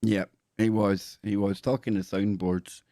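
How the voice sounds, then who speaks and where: A man's voice: on the low side, level tone, measured pace, warm tone, dry recording, studio quality. A man hosting a casual talk show, jovial and bantering, often repeating his catchphrases. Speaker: podcast host. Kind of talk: casual radio-show chat.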